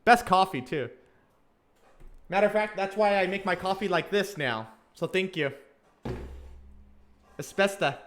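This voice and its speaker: Casting note: chatty young man, fairly high voice, casual live race commentary as a fan. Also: a little slow, pauses often, fairly bright tone. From Southern California. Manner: chatty fan, reads out viewer comments, many fillers.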